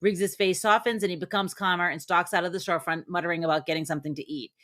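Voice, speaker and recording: A woman co-hosting a movie podcast, recapping the plot in a steady, plain way. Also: fairly low pitch, fast. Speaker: podcast co-host. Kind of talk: reading a plot summary.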